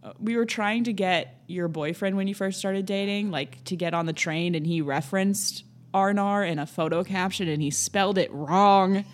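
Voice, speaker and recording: A woman's voice: mid-range voice, normal speed, hardly any pauses. A young woman hosting a casual podcast chat, rambling through funny stories with giggles and acted-out quotes. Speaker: podcast host.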